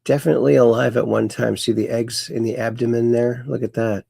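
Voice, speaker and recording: A man with a gravelly, creaky voice hosts a casual livestream, reading viewer comments and rambling along in a folksy, repetitive way. The sound is dry and close, with no room echo. His pitch sits in the ordinary middle range for a man. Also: flat delivery, a little fast, warm tone. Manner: rambling, folksy, repeats himself. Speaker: livestream host.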